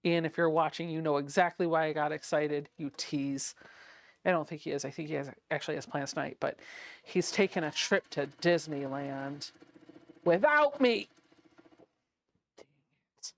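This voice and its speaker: A woman in her thirties hosts a chatty livestream from her home sewing room, speaking in a low, steady voice at a moderate pace. She giggles often and reads viewer comments aloud.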